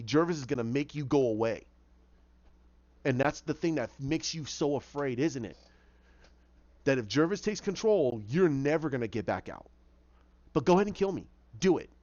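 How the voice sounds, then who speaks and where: A man's voice: mid-range voice, expressive, a little mellow, no echo, close to an everyday voice. A man voicing a defiant, fearless young woman in a firm, pointed tone. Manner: firm, confrontational, slow and pointed. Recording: dull lo-fi dry recording.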